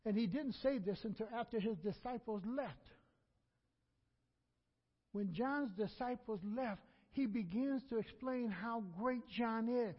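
A man's voice: very high voice, measured pace, dull audio. A man preaching a sermon as pastor. He repeats lines for emphasis and leaves gaps for the congregation to answer.

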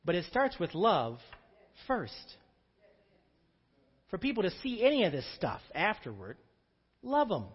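Animated pastor preaching in echoey hall. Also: male voice, high-pitched, measured pace, long pauses, husky, lo-fi sound. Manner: preacher's call-and-response. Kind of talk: sermon.

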